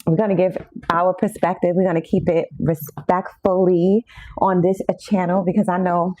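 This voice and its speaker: A chatty New York woman hosts a tarot-reading livestream, greeting viewers constantly and saying "y'all" a lot in casual chat. Her voice is lowish and mellow, with little pitch movement, at a normal speed.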